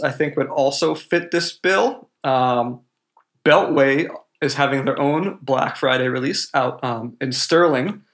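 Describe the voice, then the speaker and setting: A man's voice: mid-range voice, fairly bright tone. Podcast host guy, rambly, lots of um and like. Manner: rambling, many ums and likes. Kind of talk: casual chat.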